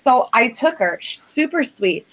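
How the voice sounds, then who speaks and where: A woman with a slightly high voice tells a story in loose podcast chat. She acts out what other people said and swears freely. Her telling is animated. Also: unhurried. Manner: animated, profane, quoting others. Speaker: podcast co-host.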